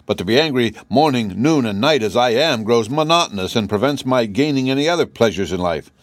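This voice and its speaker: A man reading an audiobook voices a furious, bellowing male gnome king who shouts his commands. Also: medium pitch, expressive, brisk, dry recording, lightly acted. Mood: grumbling.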